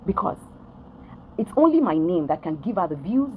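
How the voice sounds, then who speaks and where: A Nigerian woman talking to her followers in a direct-to-camera rant, with a pitch that swings widely as she presses her point. She is emphatic and repetitive, circling back with "do you understand?" to drive each point home. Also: big pitch swings, normal speed, darkish tone, slight background noise, rough recording. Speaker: vlogger addressing followers.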